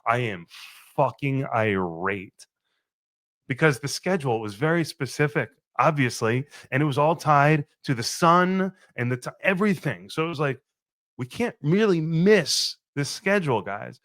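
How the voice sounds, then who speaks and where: A young adult man hosting his podcast, telling a profane, animated wedding story and acting out his own quoted lines. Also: medium pitch, unhurried, no room sound. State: a little thirsty, just woke up. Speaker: podcast host. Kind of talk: casual storytelling monologue.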